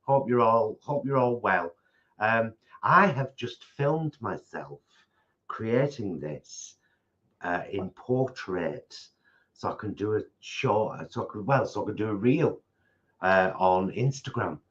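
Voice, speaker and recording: Chatty man, low voice. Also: animated, takes it slowly, fairly bright tone, muffled recording. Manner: chatty, rambling, restarts sentences. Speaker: co-host of a vegan food channel. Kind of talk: casual live-stream chat. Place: home kitchen.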